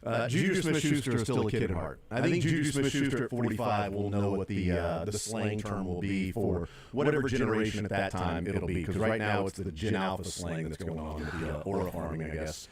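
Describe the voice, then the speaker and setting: Man, sports radio host, low voice, middle-aged, rambling with lots of ums and restarts. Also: a little fast, hardly any pauses, over a noisy crowd. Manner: rambling, many fillers and restarts.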